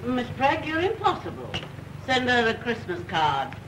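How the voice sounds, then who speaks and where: An imperious society matron. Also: female voice, a little high, huge pitch swings, a little slow. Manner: imperious, theatrical. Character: haughty rich society mother, easily exasperated. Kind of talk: 1930s film acting. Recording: old film soundtrack with faint hiss.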